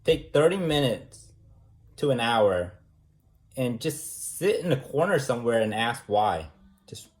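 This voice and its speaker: A man's voice: medium pitch, big pitch swings, unhurried. A man teaching a debate class in an informal, talky way, firing off repeated rhetorical questions and using casual fillers.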